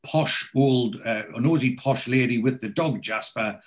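A man's voice: mid-range voice, a little slow. A man in casual chat, retelling a TV episode scene by scene and lightly acting out the characters' lines.

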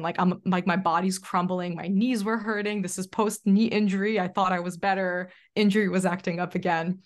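This young adult woman, a podcast guest who works as a self-leadership coach, has a medium-pitched voice and talks at a moderate pace with hardly any pauses. She tells a personal story in a chatty, animated way during a casual interview, leaning heavily on "like".

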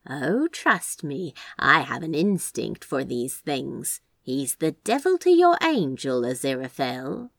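A woman voicing a shrewd, knowing woman who speaks slowly and deliberately in an audiobook reading. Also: extremely low pitch, very animated, creaky, no room sound, studio quality, pitched below the performer's own voice, full character voice. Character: shrewd knowing woman, fortune-teller type.

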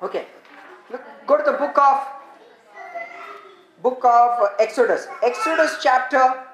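A woman preaching a sermon, repeating phrases and drawing out shouted quotations for emphasis. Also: sits high, a little slow, a little hiss or hum. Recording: very echoey hall.

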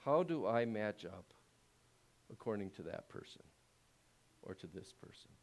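A man preaching a sermon as pastor, talking conversationally and asking the congregation rhetorical questions, growing louder when he presses a point. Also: expressive, measured pace. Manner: grows louder and higher when making a point.

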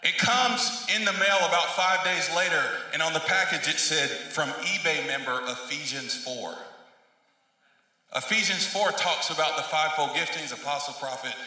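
A man preaching a sermon, telling stories and building to emphatic shouted peaks. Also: fairly high pitch, moderate pace. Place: large echoey church hall. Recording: echoey hall from far off.

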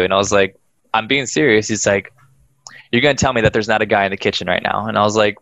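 A man casually telling a ghost story on a podcast, animated, swearing freely and acting out the voices of the people in it. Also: lowish voice, fast talker, dry recording, highs cut off.

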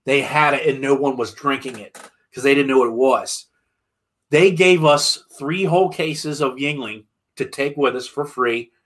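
A man's voice: medium pitch, fairly bright tone. A man from Pennsylvania, a musician telling road stories in a casual, rambling way with many restarts. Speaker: musician guest. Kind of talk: casual storytelling.

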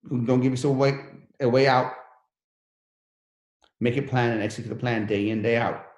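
A man's voice: medium pitch, steady tone, moderate pace, darkish tone, reverberant. A man who came to the country as a refugee, telling his life story in an interview in an earnest, motivational way. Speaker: guest.

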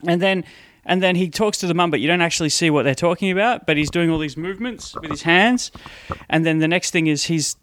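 A man's voice: a little high, a little fast, fairly bright tone, a little hiss or hum. A man co-hosting a casual film-review chat, blunt and chatty, often cutting in to finish his co-host's points. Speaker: podcast co-host.

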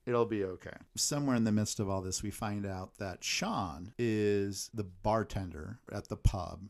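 A man's voice: fairly low pitch, vocal fry. A man co-hosting a podcast, casually retelling a film's plot and acting out bits of the characters' lines. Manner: animated, acts out characters' lines in quick bits. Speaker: podcast co-host.

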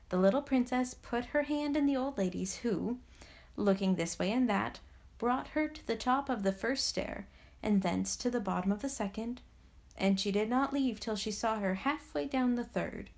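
A woman from Canada hosting a podcast, reading a story aloud in a gentle, soothing, measured way. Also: on the high side, creaky. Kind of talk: bedtime story narration.

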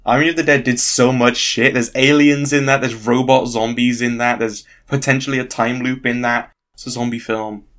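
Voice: medium pitch, flat delivery, moderate pace, a bit bright. A podcast co-host chatting casually, rambling and ranting with a lot of swearing. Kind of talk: casual chat.

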